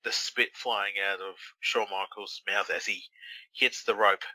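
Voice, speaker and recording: A man's voice: lowish voice, steady tone, measured pace, pushed and bright, no echo, poor audio. A man co-hosting a wrestling watch-along, teasing his friend with crude, mocking, profane banter.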